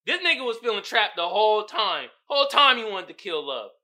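Young male podcast host, high, very bright voice; loose, profane, animated recap. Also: a little fast. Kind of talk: casual chat.

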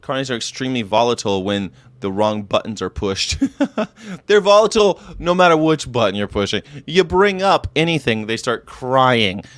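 A man from the United States hosting a casual vegan livestream, animated, laughing often and reading chat aloud. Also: medium pitch, normal speed, no room sound. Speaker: host of a daily vegan show.

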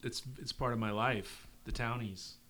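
A man's voice: mid-range voice, steady tone, normal speed, a loud crowd. A man on a podcast chatting casually and wryly with friends about crosswords. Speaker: podcast co-host. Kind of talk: casual chat among friends.

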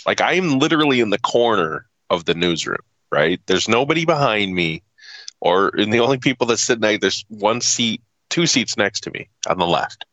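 A man's voice: fairly low pitch, animated, normal speed, fairly bright tone, no echo, lo-fi sound. A man hosting a podcast in a laid-back, profane casual chat.

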